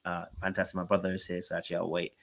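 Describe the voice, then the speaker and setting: Low-voiced guy hosting a chill talk show, laid back, lots of "you know what i mean". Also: monotone, very fast, creaky. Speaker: podcast host. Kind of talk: casual chat.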